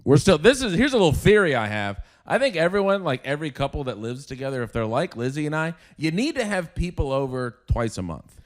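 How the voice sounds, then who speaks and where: A man's voice: a little high, big pitch swings, fast. Joking man hosting a podcast at home. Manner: joking, playful. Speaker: podcast host. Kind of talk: casual chat. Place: his own apartment.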